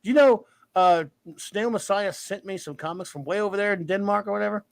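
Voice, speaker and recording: A man's voice: sits high, a little fast, vocal fry, dry recording. A man hosting a casual live show, rambling and self-mocking in a playful way. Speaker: livestream show host. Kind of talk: casual chat.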